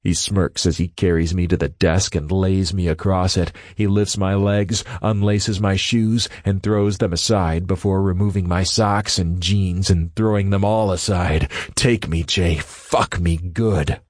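A man reads a first-person audiobook in a steady, measured way. His voice sits very low. The recording is dry and close, with no room sound. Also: no room sound. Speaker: audiobook narrator.

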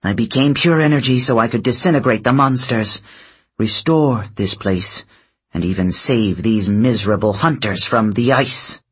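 A man reading the part of a proud, imperious goddess in stately, measured tones with a husky voice. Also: medium pitch, lightly acted. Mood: grave.

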